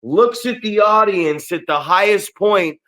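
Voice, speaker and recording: A man co-hosting a wrestling podcast, telling excited stories in a casual, profane way and acting out what others said. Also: sits high, measured pace. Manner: animated, swearing storyteller who acts out quotes. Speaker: podcast co-host.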